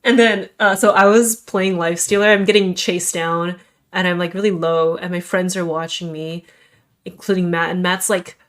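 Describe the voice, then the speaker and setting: A woman's voice: fairly low pitch, steady tone, moderate pace. A young adult woman streamer chatting casually in a rambling, self-deprecating way.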